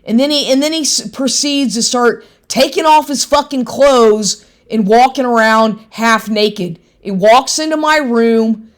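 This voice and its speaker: A woman's voice: on the high side, measured pace. A woman venting angrily in a monologue, swearing heavily and restarting her sentences. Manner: heavy profanity, repeated restarts, indignant.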